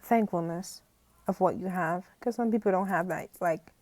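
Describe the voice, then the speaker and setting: This young woman's voice is lowish and darkish, moving at a normal speed with no echo. Talking casually to camera as the host of her own channel, she rambles sincerely, leans on "you know," and is often tearful, nearly crying.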